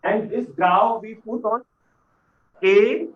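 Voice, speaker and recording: A man teaching a beginners' French lesson, patient and repeating words slowly for learners. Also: high-pitched. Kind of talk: classroom lesson explanation. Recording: echoey room, dull lo-fi sound.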